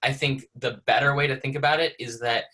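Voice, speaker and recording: Man, bright voice, technical explanation, fillers and restarts, video call. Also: medium pitch, steady tone, brisk, low-quality recording. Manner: thinks aloud with many fillers and restarts. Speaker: presenter.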